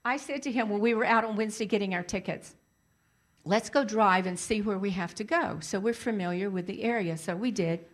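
Animated woman telling a story. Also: mid-range voice, brisk. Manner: animated, emphatic, repeats for emphasis. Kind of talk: casual storytelling.

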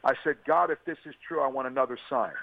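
A man's voice: medium pitch, quick pace, creaky, no room sound. A man, an interview guest, giving an earnest and emotional personal testimony on a radio call. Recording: tinny phone line, dry.

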